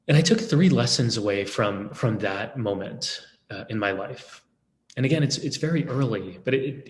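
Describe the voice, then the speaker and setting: A man in his thirties telling a personal story in a reflective, halting way, often restarting his words. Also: mid-range voice. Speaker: speaker. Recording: echoey room.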